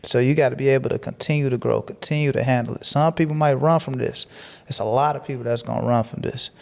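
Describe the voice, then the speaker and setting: A man's voice: medium pitch, steady tone, quick pace, creaky. Preachy, motivational man. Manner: preachy and motivational, repeats phrases for emphasis. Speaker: guest. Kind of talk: casual podcast interview.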